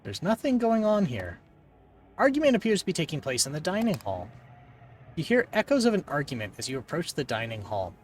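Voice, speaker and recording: A man's voice: a little high, brisk, recorded from a distance, faint music behind. A man streaming a text game, reading the narration aloud with joking asides. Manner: animated, joking.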